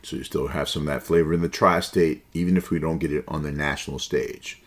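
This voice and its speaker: Deep-voiced man riffing on basketball news. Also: steady tone, a little fast. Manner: opinionated and conversational, with slang asides. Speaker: podcast host. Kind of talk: casual basketball commentary.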